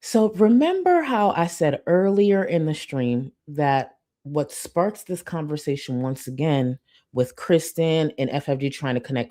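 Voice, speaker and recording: A woman's voice: sits low, warm tone. A young woman hosting a casual commentary livestream, chatting and reading out supporter messages. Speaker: livestream host.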